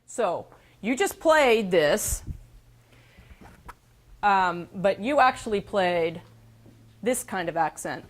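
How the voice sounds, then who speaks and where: Woman, band teacher, brisk directions, counting aloud, classroom instruction. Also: medium pitch, expressive.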